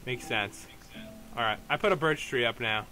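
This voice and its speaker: A man's voice: mid-range voice, moderate pace, sharp tone, soft background music. A young man hosting a game let's play, talking casually with lots of fillers and restarts. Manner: rambling, hesitant, many fillers and restarts. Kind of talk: casual gameplay commentary.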